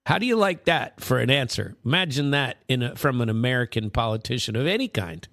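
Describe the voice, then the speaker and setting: A man's voice: mid-range voice, lively intonation, fairly quick, fairly bright tone, dry recording, clean studio sound. A man hosting casual political commentary, rambling with sarcastic asides. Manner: rambling, many fillers and restarts, sarcastic asides. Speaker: host.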